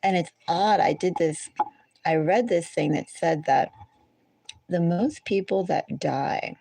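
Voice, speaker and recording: A woman with a low, gravelly voice chats her way through a tarot reading. She drifts off on tangents and corrects herself mid-thought. The sound is close and dry. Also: slow, mellow, no echo. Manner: rambling, digressive, self-correcting. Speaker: tarot reader. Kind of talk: casual chatty astrology reading.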